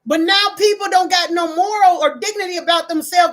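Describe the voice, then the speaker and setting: A high-pitched woman talks straight to her viewers in a casual commentary show. She argues with passion and emphasis, and her pitch climbs whenever she gets worked up. Her voice sits well above that of most women. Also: a little fast, few pauses. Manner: passionate, emphatic, rising in pitch when outraged. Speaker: online talk show host.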